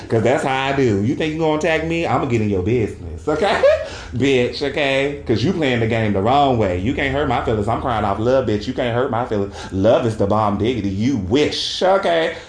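A man's voice: animated, moderate pace, slight background noise. A man podcasting in a brash, profane casual rant, laughing often and tagging lines with "okay?". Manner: jumps into high falsetto for quoted bits; frequent laughter and "okay?" tags. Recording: roomy echo.

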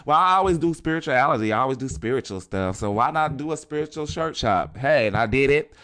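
A man's voice: medium pitch, lively intonation, fast talker, fairly bright tone. A man hosting a podcast, delivering a casual motivational monologue in a blunt, profane way and often tossing in "okay?". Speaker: podcast host.

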